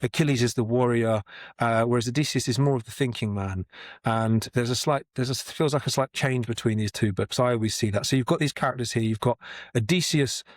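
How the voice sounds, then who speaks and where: A man's voice: mid-range voice, fairly quick, no room sound, clean studio sound. A man giving a casual spoken lesson on Shakespeare, talking conversationally with frequent restarts and repeated words, sometimes chanting the verse rhythm aloud. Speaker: Shakespeare explainer. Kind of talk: casual explanatory talk to camera.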